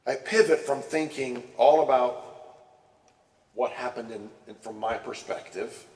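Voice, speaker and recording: A man gives a conversational church teaching talk. He speaks at a middle pitch, repeats words, and checks in with his listeners. He is recorded from a distance in an echoey room. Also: a little slow, a little mellow. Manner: conversational, repeats words and restarts, asks the audience questions.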